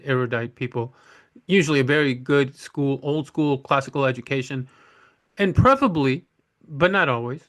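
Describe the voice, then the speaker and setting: A man's voice: medium pitch, fairly bright tone. A man talking through his reading list in a casual on-camera monologue, rambling, blunt and opinionated, often restarting his sentences. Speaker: book vlogger.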